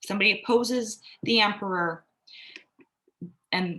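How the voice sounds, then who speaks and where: A young adult woman who hosts an astrology and self-care podcast gives a reflective, casual self-care talk. Her mid-range voice is fairly bright at a moderate pace; she's candid and conversational, swears now and then, and acts out quoted voices.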